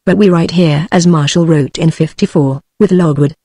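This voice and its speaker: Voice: medium pitch, normal speed, no echo, lightly acted. A text-to-speech voice reading the lines of an old foreign doctor with dry wit in an audiobook, with no character voice of its own. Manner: even synthetic reading, no character voice.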